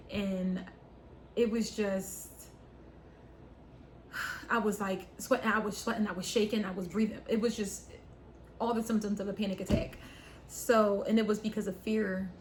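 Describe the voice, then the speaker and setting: A young woman recounts a personal story straight to camera in a loose, chatty way. She slips into little performed quotes of herself and her family, which keeps her delivery lively. A faint hiss sits under the recording. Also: medium pitch. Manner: animated, acts out quotes of herself and her sister. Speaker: vlogger.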